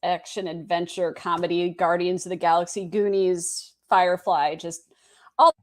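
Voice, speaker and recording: Woman, guest author, casual chat, excitable, gushing, laughs a lot, video call. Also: lowish voice, normal speed.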